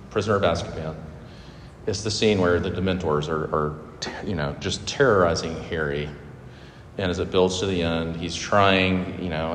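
Deep-voiced pastor in an echoey hall. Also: male voice, slight background noise. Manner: conversational preaching with asides and humor. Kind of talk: sermon. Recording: echoey hall with long reverb.

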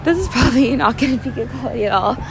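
A young woman talks into her phone while walking down a busy city street, hosting a loose solo podcast episode. Her voice sits a little high and slips into gravelly fry, and her talk rambles with easy laughs. Sirens and traffic hum faintly behind her. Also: lively intonation, rapid-fire. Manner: rambling, candid, laughs often. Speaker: podcast host. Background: sirens, cars, restaurant fan.

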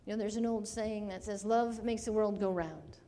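Earnest woman preaching, soft warm voice. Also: medium pitch, normal speed, in a large hall, a little hiss or hum. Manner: earnest, rising to emotional intensity. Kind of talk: sermon with personal story.

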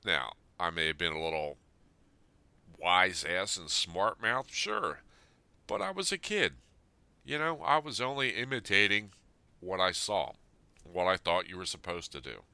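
A man's voice: deep voice, expressive, measured pace, long pauses, sharp tone, smooth, no echo. A man in his fifties reads a personal letter aloud and then reflects on it, earnest and plain-spoken. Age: 50s. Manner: earnest, plain-spoken, speaking straight to his late father. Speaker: Army veteran sharing a personal letter.

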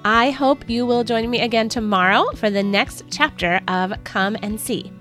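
A woman's voice: fairly high pitch, normal speed, fairly bright tone, soft background music. A woman hosting a devotional podcast, reading a story aloud with earnest expression.

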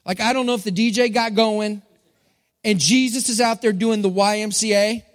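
Here a Texas pastor, middle-aged, preaches with playful humor to a congregation in a church hall. His high voice holds a steady tone at a moderate pace, and the recording carries long hall reverb.

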